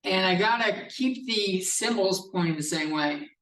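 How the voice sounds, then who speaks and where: High-pitched guy teaching math, loose and swears some, echoey room, mic kinda far off. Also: unhurried, fairly bright tone. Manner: casual and profane, explaining step by step. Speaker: math professor. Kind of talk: classroom lecture. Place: classroom. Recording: echoey classroom from a distance.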